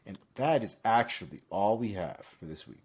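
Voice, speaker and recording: A man's voice: lowish voice, expressive, normal speed, husky. A man co-hosting a podcast, running through fight news casually with frequent fillers. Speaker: podcast co-host.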